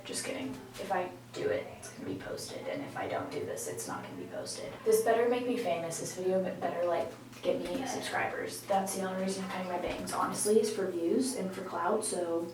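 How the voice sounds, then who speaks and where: A woman's voice: lowish voice, darkish tone, a little hiss or hum. A teenage girl vlogging in a casual, nervous, giggly and rambling way. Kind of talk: casual vlog chat. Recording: echoey room, mic a bit far.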